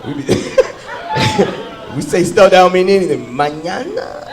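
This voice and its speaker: A man in his thirties performing a stand-up comedy set, telling animated stories and shouting into bits. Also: high-pitched, slow pace, noisy background. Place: comedy club stage with live audience. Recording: live room with loud crowd laughter.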